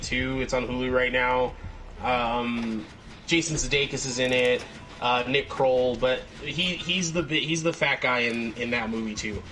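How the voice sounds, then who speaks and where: A man's voice: mid-range voice, a bit bright, slight background noise. A man hosting a casual podcast, rambling and laughing often as he retells film scenes. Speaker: podcast host. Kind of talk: casual chat.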